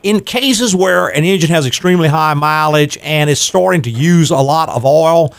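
A man's voice: a little high, moderate pace, gravelly. An older man hosting a call-in radio show on car repair, explaining at length and laughing easily. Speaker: radio show host, garage owner.

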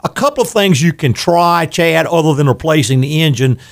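A man's voice: a little high, fairly quick, gravelly. An older man hosting a call-in radio show on car repair, explaining at length and laughing easily. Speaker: radio show host, garage owner.

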